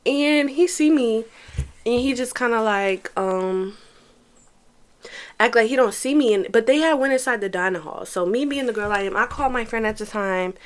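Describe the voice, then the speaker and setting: Young woman, storytime vlog, animated, swearing, addressing viewers. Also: on the high side, normal speed. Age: young adult. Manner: animated, profane, talks straight to viewers.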